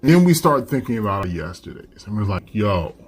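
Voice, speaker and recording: A man teaching a literature class in a relaxed, conversational way. His voice is low and a little husky, and his pitch rises and falls widely. He speaks slowly and keeps checking in with the room with a quick "right?". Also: faint music behind.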